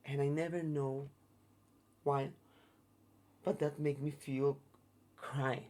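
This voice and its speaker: Man telling a story in halting English. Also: mid-range voice, flat delivery, darkish tone. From Mexico. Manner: halting, broken English with many restarts and fillers. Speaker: guest, circus artist. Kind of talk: casual storytelling interview.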